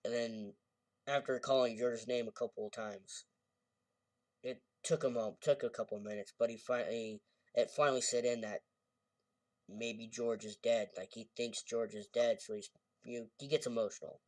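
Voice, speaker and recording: A man's voice: medium pitch, fairly even intonation, moderate pace, no echo, distant mic. A man giving a casual, rambling movie review, often correcting himself as he retells scenes.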